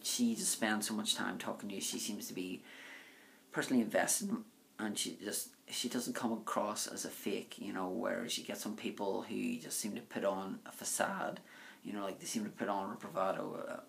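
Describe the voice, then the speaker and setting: A man's voice: on the low side, steady tone, normal speed, creaky, fairly bright tone. A man vlogger answering viewer questions in a casual, rambling monologue full of filler words. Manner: rambling, full of "um", "you know" and "like".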